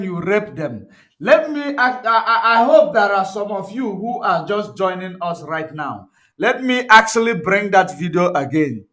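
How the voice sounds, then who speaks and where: A man's voice: a little high, a bit bright. A man with a Nigerian accent giving an emphatic political commentary monologue, repeating points for effect. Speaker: online commentator.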